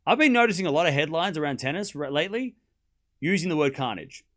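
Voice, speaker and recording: A young man hosting a live tennis watchalong, chatting excitedly with viewers and calling scores. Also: fairly high pitch, fast. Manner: chatty and excitable, laughs often, repeats phrases, calls out live scores. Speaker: livestream tennis watchalong host. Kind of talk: casual live-stream commentary chatting with viewers.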